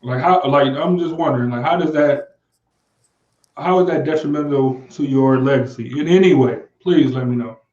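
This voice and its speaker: A man's voice: medium pitch, moderate pace, darkish tone, roomy sound, highs cut off, a little hiss or hum. A man co-hosting a casual podcast and reading out viewer comments, talking in a laid-back way, repeating himself and trailing off. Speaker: podcast co-host.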